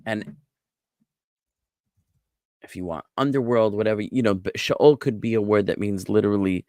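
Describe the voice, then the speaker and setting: A man, a rabbi, giving a relaxed online class on Biblical Hebrew, explaining words patiently and wandering off into asides. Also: on the low side, moderate pace, no echo. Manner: relaxed, explanatory, digressive with fillers.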